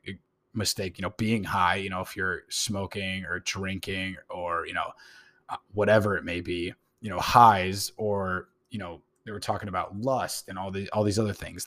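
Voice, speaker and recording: Deep-voiced man rambling on his podcast. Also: a bit bright. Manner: rambling, many "you know" fillers, casual swearing. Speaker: podcast host. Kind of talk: casual monologue.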